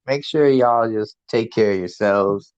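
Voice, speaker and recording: A man's voice: on the low side, unhurried, a little mellow, clean tone, no echo. Male co-host, laid-back and rambling, casual swearing, muffled dry sound. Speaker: podcast co-host. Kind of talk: casual chat.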